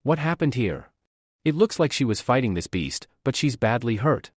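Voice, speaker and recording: A bold young alchemist hero, voiced by a man, brisk and self-assured, with a lively pitch that moves around a lot. Dry, close recording with no room sound. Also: slightly rough, dry recording.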